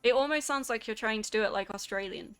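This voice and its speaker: A woman's voice: a little high, fast, fairly bright tone, clear, resonant tone, soft background music. A woman streamer chatting casually with her viewers while she plays a game, reacting animatedly to their comments. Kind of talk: casual gameplay chat with chat.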